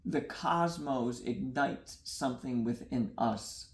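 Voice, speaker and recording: Guest artist, man, mid-pitched, reflective and repeating, room echo. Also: slow, creaky. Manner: earnest, dreamy, repeats phrases, laughs at himself. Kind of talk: reflective interview talk. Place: gallery.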